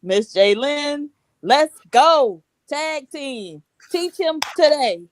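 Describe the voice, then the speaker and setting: Sassy woman hosting with lively pitch. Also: drawn-out words, a little hiss or hum. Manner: playful, sassy, reads chat aloud. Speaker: live show host. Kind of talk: live-stream talk show hosting.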